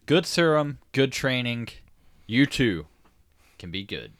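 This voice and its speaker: A man's voice: medium pitch, very animated, takes it slowly, fairly bright tone, dry recording. A man co-hosting a podcast, chatting casually and dropping dry wisecracks with some swearing. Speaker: podcast co-host. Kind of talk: casual chat.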